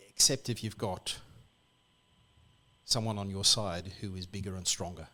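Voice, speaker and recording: Lively Australian man telling a story. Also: low-pitched, normal speed, long pauses. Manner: lively, animated storyteller who acts out characters. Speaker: church guest.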